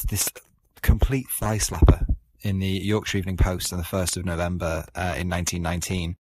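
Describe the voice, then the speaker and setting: A man's voice: low-pitched, no echo. A man co-hosting a history podcast, chatting casually and reading old newspaper letters with playful emphasis. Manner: jokey, reads quotes with playful emphasis. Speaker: podcast co-host.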